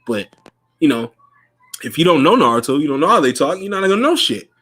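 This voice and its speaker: A man's voice: a little high, very animated, brisk, fairly bright tone, breathy edge. A man hosting a podcast in casual chat, loose and profane, laughing often. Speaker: podcast host.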